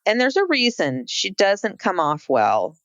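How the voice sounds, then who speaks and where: A woman's voice: medium pitch, huge pitch swings, unhurried, fairly bright tone, dry recording, muffled recording. A woman co-hosting a podcast, talking casually about a court case, with many fillers and restarts. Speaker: podcast co-host.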